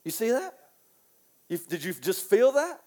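A man preaching a sermon in an animated, excitable way, repeating phrases and stretching key lines out slowly. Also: high-pitched.

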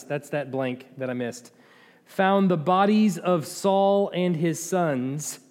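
A man with a fairly high voice teaches a Bible lesson in a relaxed, conversational way. He talks with restarts and drops in dry asides, and his voice rings out with a long reverb, as if in a large hall.

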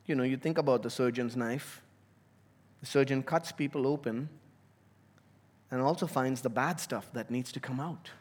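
A man preaching a sermon as a pastor, earnest and emphatic, slowing down to stress key words. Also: mid-range voice, breathy edge.

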